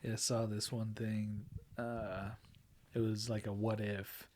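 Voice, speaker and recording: A man co-hosting a podcast who speaks very slowly. He hesitates and halts over his words, filling gaps as he works out what to say. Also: lowish voice, level tone, darkish tone, slight background noise. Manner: hesitant, halting, with fillers. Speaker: podcast co-host. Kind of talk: casual chat.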